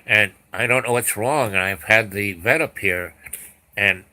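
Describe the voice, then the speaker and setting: A man's voice: fairly low pitch, a little slow, pushed and bright, low-quality recording. A man voicing an old, worried but practical dairy farmer who explains his trouble plainly.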